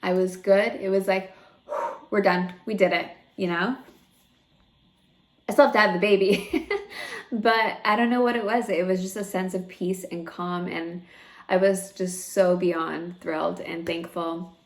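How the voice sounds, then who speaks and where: A woman's voice: fairly low pitch, fairly even intonation, unhurried. A young woman vlogging about her own experience in a chatty, candid way, full of fillers and close to tears at moments. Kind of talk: personal vlog storytelling.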